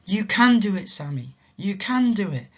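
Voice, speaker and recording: A man's voice: high voice, sing-song, normal speed, dull audio, pitched above the performer's own voice. A man voicing a faint, mysterious inner voice that coaxes and urges on with repeated encouragement. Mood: encouraging. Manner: repetitive, coaxing, urgent encouragement.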